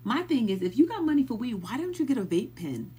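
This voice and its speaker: A woman with a husky, slightly breathy voice talks straight into her phone on a live stream. She keeps circling back to the same incredulous questions, thanks viewers by name between them, and swings between muttering and near-yelling. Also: a little high, sing-song, fast talker. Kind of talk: casual live stream commentary.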